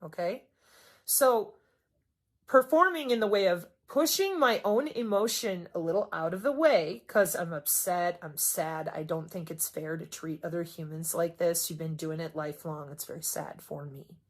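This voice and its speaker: Sarcastic, cussing Midwestern woman vlogger. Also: moderate pace. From Wisconsin, US Midwest. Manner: sarcastic, cussing, emphatic swings in pitch and loudness. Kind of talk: unscripted monologue vlog.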